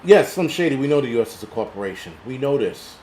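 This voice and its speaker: A man's voice: medium pitch, expressive, fast, darkish tone, slight background noise. A middle-aged man hosting a live stream, ranting profanely and reading chat comments aloud, a little tipsy from liquor. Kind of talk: casual live stream rant.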